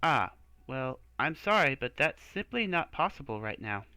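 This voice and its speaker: A man voicing a pompous male high priest who talks down to visitors while reading game dialogue aloud. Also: very animated, moderate pace, bright, forceful tone, smooth, dry recording. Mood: condescending. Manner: lofty, condescending.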